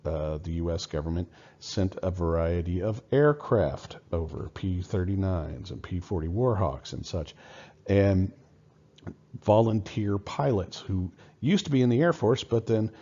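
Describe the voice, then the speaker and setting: A man's voice: deep voice, animated, measured pace, warm tone, muffled recording. A man giving a casual history lecture in a loose, conversational way, with many fillers and restarts. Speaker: history teacher.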